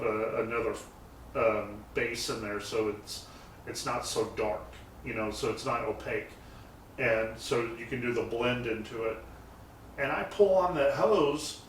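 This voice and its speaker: A man's voice: medium pitch, a bit bright. A man chatting about custom car builds, rambling through his stories with frequent fillers and restarts. He is recorded from a distance in a roomy, echoey garage. A faint hiss sits under his voice. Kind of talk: casual interview talk. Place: garage shop. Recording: roomy echo, mic set far off, faint noise.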